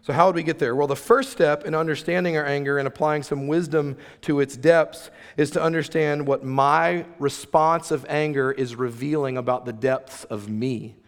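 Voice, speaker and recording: A man's voice: on the high side, steady tone, normal speed, few pauses. A man preaching a sermon as pastor, conversational and emphatic, with playful asides to the room. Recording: long reverb of a large hall.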